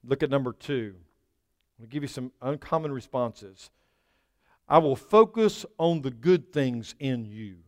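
A middle-aged male pastor preaching a sermon, calling out to his congregation and swinging between loud emphasis and quiet asides. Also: medium pitch, expressive, a little slow, big-room sound.

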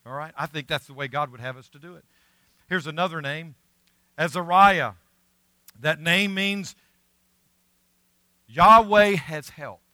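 A middle-aged man preaching a sermon as pastor, earnest and emphatic, swinging between loud stressed words and quiet asides. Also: a little high, measured pace, pauses often, dry recording. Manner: earnest, emphatic preaching with rising and falling volume.

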